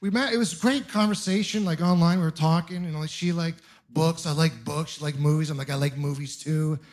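A man in his thirties, a comedian working a stand-up set with self-deprecating stories. His voice sits a little higher than most men's. He turns often to talk straight to the audience. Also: a little fast. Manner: self-deprecating storytelling, animated asides to the audience. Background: audience laughter.

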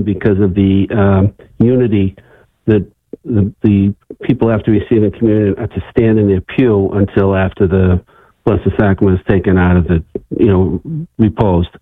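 A man calling in to a radio show, hesitant and halting with many restarts, upset about his question. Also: on the low side, no room sound. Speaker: caller. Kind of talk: phone-in question. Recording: tinny phone line.

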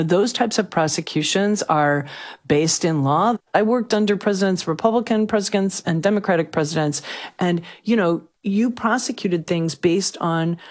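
A woman who used to be a federal prosecutor answers interview questions. She explains deliberately, pausing on fillers as she thinks. Her voice sits low. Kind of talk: news interview.

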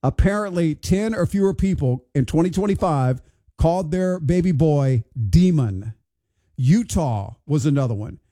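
Bemused radio morning host, mellow voice. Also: male voice, a little high, animated, normal speed. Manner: bemused, wondering aloud, conversational. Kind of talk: casual radio chat. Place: radio studio.

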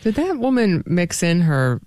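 Male co-host, slightly high voice, incredulous, casual. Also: sing-song, a little slow, a little mellow. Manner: incredulous, questioning. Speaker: radio show co-host. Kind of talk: casual banter.

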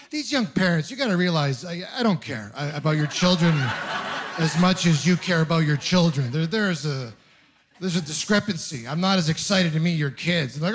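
A young man from Ontario doing a stand-up comedy set, telling stories deadpan with bursts of mock outrage. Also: on the high side, normal speed. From Ontario, Canada. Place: comedy club stage with audience laughing.

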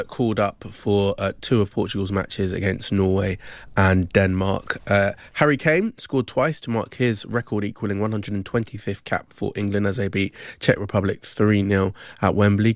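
A man presenting a sports news bulletin, brisk, with frequent ums. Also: fairly low pitch, dry recording, clean studio sound.

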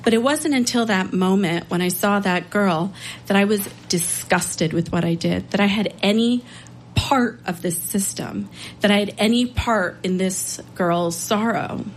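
A woman's voice: mid-range voice, measured pace, low-quality recording. Woman telling a personal story live, earnest, emotional, bit of background noise.

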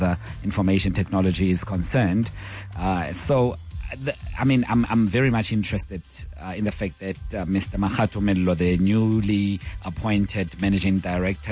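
A man's voice: lowish voice, darkish tone. A man hosting a live radio talk show, speaking with many fillers and restarts.

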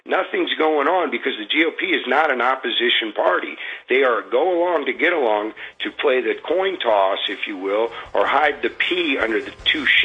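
A man calling in to a radio show, venting in a rambling, frustrated way, halting often with fillers. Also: mid-range voice, lively intonation, sharp tone, slightly rough, soft background music, low-quality recording. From Florida. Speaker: radio caller. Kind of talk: call-in venting.

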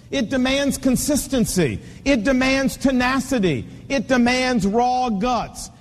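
Fifties guy preaching, high voice, punchy repeated lines, big echoey hall sound. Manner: emphatic, repetitive preaching cadence with storytelling. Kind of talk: sermon to men on fatherhood.

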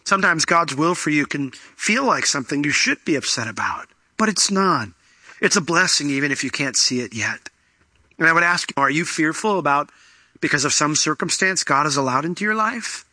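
A man delivers a sermon in a strikingly bright, forceful voice. He talks the congregation through the text, then jumps up high to act out what people say. The sound is close and dry. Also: brisk, no echo. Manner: animated, acts out quoted voices with big pitch jumps. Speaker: pastor.

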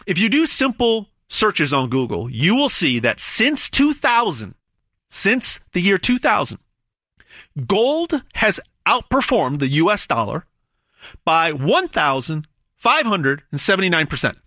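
A man delivering a hard-sell gold pitch with a lively, swooping voice that is bright and forceful. He hammers words over and over, stumbles on restarts, and stretches out big numbers for effect. The sound is close and dry. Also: no echo. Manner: emphatic, stammering repetitions, dramatic pauses on numbers. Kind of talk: hard-sell promotional monologue.

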